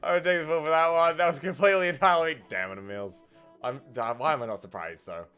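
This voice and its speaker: A man's voice: on the high side, fast, fairly bright tone, smooth, faint music behind. A young man hosting a casual stream chat, reading viewer messages aloud, rambling with many fillers and frequent giggles. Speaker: streamer host.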